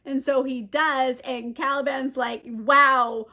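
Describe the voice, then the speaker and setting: A woman's voice: sits high, moderate pace, fairly bright tone. A tipsy woman casually retelling a story, giggling often, swearing, and saying "like" a lot. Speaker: book video creator.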